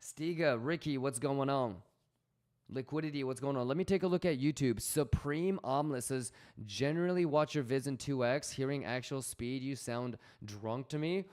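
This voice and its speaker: A man's voice: mid-range voice, moderate pace, a little mellow. A man hosting a casual trading livestream, slangy and swearing freely as he reads out chat messages.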